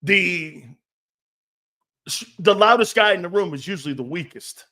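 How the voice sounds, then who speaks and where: A man hosting a casual sports talk show, blunt and animated, swearing freely. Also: high voice, a little slow.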